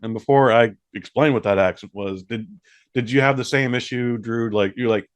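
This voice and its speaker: A podcast co-host with a mid-range, clean voice chats casually about movies at normal speed on a dry recording. He's relaxed, drops the occasional swear word, and acts out quoted reactions.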